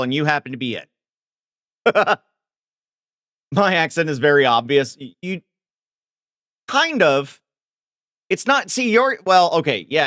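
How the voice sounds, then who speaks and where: A man from Ohio streaming live, rambling casually as he reads chat aloud and answers it with quick laughs. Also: a little high, fairly bright tone, no room sound, studio quality.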